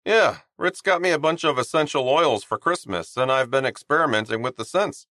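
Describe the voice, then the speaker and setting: A man's voice: mid-range voice, expressive, normal speed, sharp tone, no echo, studio quality, pitched above the performer's own voice. A man voicing an upbeat, chatty young male hockey player in an audiobook. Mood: cheerful. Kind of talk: audiobook character voice.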